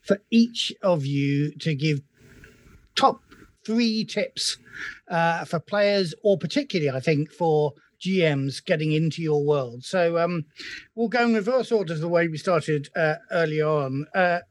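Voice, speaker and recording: A man's voice: on the high side, a little slow, dry recording. A man moderating a panel, politely moving the discussion along. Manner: polite, organizing.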